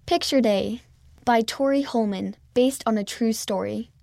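A woman reads a children's story aloud in first person, gently and expressively. Her voice sits a little high, with a gravelly, fry-edged texture, and it is recorded dry and close. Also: a little slow, no room sound. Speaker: storybook reader.

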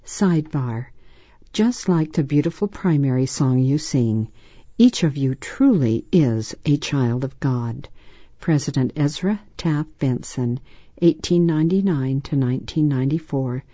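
A woman reading a children's story aloud in a measured, soft storytelling manner. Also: deep voice, dry recording, muffled recording. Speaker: narrator.

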